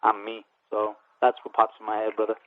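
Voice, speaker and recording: A professional boxer answers in a rapid, earnest flow and restarts his sentences with repeated words. His voice comes through dry and narrow, like a phone line. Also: lowish voice, monotone, no room sound. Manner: quick, earnest, repeats words when starting. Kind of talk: casual interview answers. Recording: tinny phone-like radio sound, dry.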